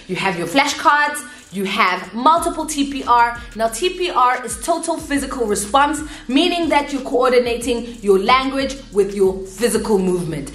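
A woman English teacher explaining step by step and checking in often, then switching to an exaggerated, animated voice for young learners. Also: on the high side. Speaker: English teacher and video creator. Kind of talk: how-to talk with a mock classroom demo. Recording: echoey room with faint music. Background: faint background music.

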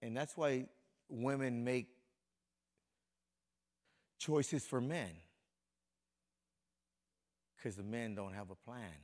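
A man's voice: mid-range voice, fairly even intonation, drawn-out words, long pauses, darkish tone. A middle-aged male pastor from Compton, California, preaching a sermon in a conversational way and speaking straight to people in the congregation. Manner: conversational preaching, talks directly to congregation members.

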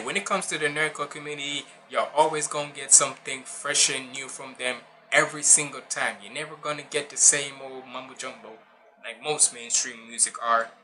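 A man's voice: mid-range voice, pushed and bright. A man hosting a music reaction channel, talking casually in a rambling, loose way full of slang and restarts.

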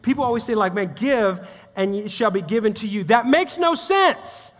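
With a high, animated voice at a moderate pace, a pastor in his thirties or forties jokes and talks conversationally to his congregation during a sermon. He's in a church sanctuary, and the hall's long reverb colors the sound.

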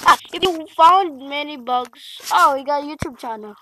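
A young gamer talking through a frustrating game, muttering and yelling in exasperation. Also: sits high, normal speed, a little hiss or hum, rough recording. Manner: frustrated, exclaiming, mutters to self. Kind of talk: gaming commentary. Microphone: tablet mic.

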